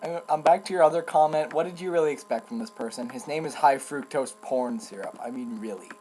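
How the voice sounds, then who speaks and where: A man's voice: medium pitch, brisk, darkish tone, a little hiss or hum, poor audio. A man chatting casually beside a reader, laughing and dryly correcting details. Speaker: co-host listening. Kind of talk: casual chat.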